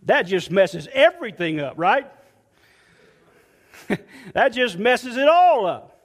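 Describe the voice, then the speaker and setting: Slow, high-voiced preacher in a reverberant hall. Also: male voice, big pitch swings. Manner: slow, emphatic preaching, dropping soft and low on quoted scripture. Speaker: pastor. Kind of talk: sermon.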